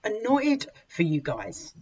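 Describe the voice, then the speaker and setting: A woman's voice: medium pitch, huge pitch swings, slow, slightly rough. Frank, swearing woman tarot reader. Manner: frank, indignant, swears freely; emphatic, with sudden loud outbursts. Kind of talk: weekly tarot reading to viewers. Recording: dull lo-fi recording with faint hiss.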